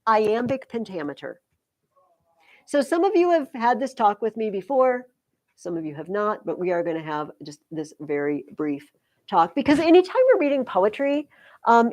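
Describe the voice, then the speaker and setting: A woman teaching high school English, talking her class through poetry in a loose, chatty way. She sounds close and dry in the classroom. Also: darkish tone, dry recording. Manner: chatty, explains with sing-song rhythm examples. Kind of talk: classroom lecture.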